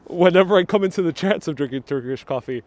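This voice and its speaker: On a wireless clip-on mic, this man from New York City talks fast and animatedly in a voice on the high side as he hosts a casual live-streamed walk through the city's streets outdoors. He jokes around and answers viewers' comments, and there's no echo.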